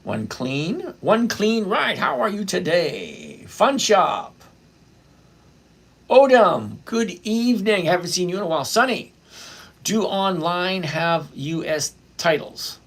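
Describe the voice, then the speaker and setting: A man's voice: high voice, very animated, takes it slowly, gravelly, a bit bright, breathy edge. A middle-aged man hosting a casual live stock-trading stream, greeting viewers by name and answering their questions. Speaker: livestream host reading chat.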